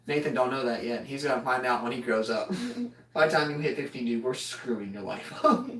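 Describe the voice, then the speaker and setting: A woman's voice: rumbling low, fairly quick, fairly bright tone. A woman telling a funny family story in casual chat, joking and laughing as she goes. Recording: echoey room, mic far off.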